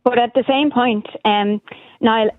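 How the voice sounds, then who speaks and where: A woman's voice: fairly high pitch, steady tone, unhurried, dry recording. Indignant woman on a phone line. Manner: indignant, rambling, restarts often. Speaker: caller. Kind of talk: phone-in call.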